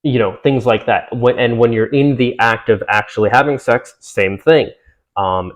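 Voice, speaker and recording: Young guy ranting over an article he reads out, sarcastic and fed up, lots of swearing, medium pitch. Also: animated, moderate pace, rough recording. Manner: sarcastic, exasperated, swears often. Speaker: commentator. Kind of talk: reaction commentary reading an article aloud.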